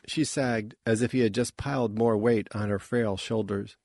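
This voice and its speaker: A man reading a science fiction audiobook in a measured, even storytelling manner. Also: lowish voice, gravelly, dry recording, clean studio sound. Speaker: audiobook narrator. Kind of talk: scripted narration.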